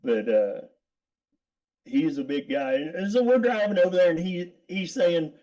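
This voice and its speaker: A man's voice: on the high side, animated, measured pace, warm tone, highs cut off. A middle-aged man, a guest, telling a story casually, rambling with repeated words and frequent laughs.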